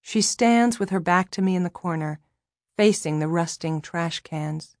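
A woman reading a first-person novel aloud in a low voice, with a wry, measured delivery. The recording is close and dry, with no room sound. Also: steady tone, gravelly, no echo. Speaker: audiobook narrator.

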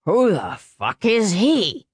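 A woman's voice: medium pitch, wildly swooping pitch, slow pace, a little mellow, slightly rough, no echo, exaggerated voice. A woman voicing a drunk middle-aged father who slurs and lurches through his words. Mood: slurring. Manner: slurred, lurching, sloppy.

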